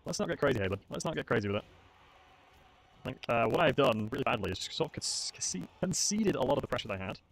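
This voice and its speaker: Streaming his strategy game tournament match, a young man keeps up a chatty, self-mocking banter. He sounds very animated, with a gravelly mid-range voice and a quick pace.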